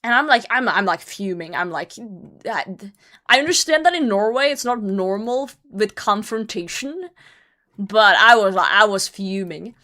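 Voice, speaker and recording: Swearing, animated young woman streamer. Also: mid-range voice, normal speed. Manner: animated, swears freely, trails off into mumbles. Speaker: livestreamer. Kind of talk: casual storytelling to stream chat.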